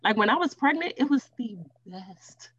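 A woman's voice: fairly high pitch, moderate pace, no echo, muffled recording. A woman in her thirties chatting casually on a podcast, telling stories and acting out the voices of people she quotes. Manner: animated, acts out quoted voices. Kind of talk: casual storytelling chat.

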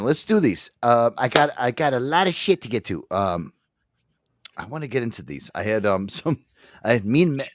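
A man's voice: mid-range voice, no room sound. A young man hosting a casual podcast chat, rambling, laughing and swearing often. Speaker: podcast host.

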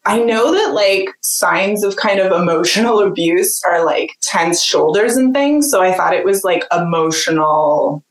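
A woman's voice: medium pitch, animated, a little slow, hardly any pauses. A woman guest telling a personal story in a casual, chatty way, full of "like" fillers and frequent laughter. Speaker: podcast guest, jeweler. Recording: roomy echo.

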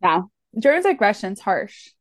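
A woman's voice: mid-range voice, sing-song, measured pace, no room sound. A woman co-hosting a book podcast in casual chat, talking in restarts with lots of "like". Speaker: podcast co-host.

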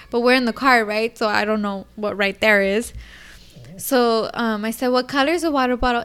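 A young woman chatting casually and telling a story in an animated way, acting out a little child's lines. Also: a little high, brisk, clear, resonant tone. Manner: animated storyteller, acts out her toddler's lines. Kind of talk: casual chat.

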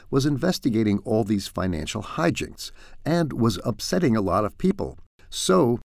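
A man's voice: fairly low pitch, creaky, no room sound. A man delivering satirical news commentary in a dry, sardonic way, full of wry asides. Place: home in France.

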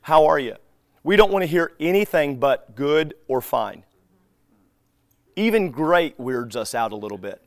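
A man teaching a live group in a relaxed, conversational way. He acts out bits of everyday dialogue as he tells his stories. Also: fairly high pitch, a little slow, no room sound, studio quality. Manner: animated storyteller who acts out dialogue.

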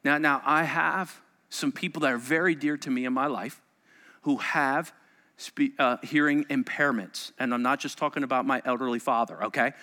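A male pastor preaching a sermon to a congregation, telling the story dramatically and dropping into quiet asides. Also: medium pitch, normal speed, in a large hall. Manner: animated, dramatic storytelling with sudden soft asides. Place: church sanctuary.

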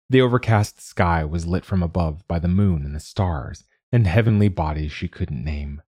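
Deep husky male audiobook narrator. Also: a little mellow, no echo, clean studio sound. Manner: measured storytelling. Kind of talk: scripted narration.

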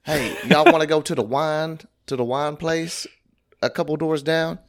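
A man's voice: on the high side, steady tone, normal speed, pitched above the performer's own voice, lightly acted. A man putting on a chatty woman with a thick Southern drawl, sassy and drawn out.

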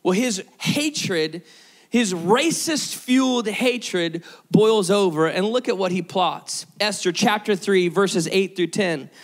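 A male pastor preaching a lively sermon and calling on the congregation to respond. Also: high voice, takes it slowly.

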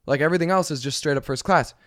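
A man's voice: fairly high pitch, rapid-fire, no echo, studio quality, close to an everyday voice. A man voicing a polite, flustered woman flight attendant. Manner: polite, apologetic.

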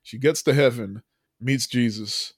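A man's voice: mid-range voice, a little slow, breathy edge, no room sound, studio quality. A man hosting a podcast, telling a movie recap in a loose, casual way, full of fillers, with frequent laughs. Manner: loose storyteller, many fillers, laughs often. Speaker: podcast host.

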